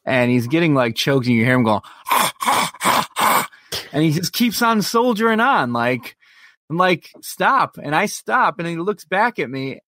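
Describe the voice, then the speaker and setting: This podcast co-host has a slightly high, fairly bright voice and tells a long, profane story during casual chat. The recording is dry, with a clean studio sound.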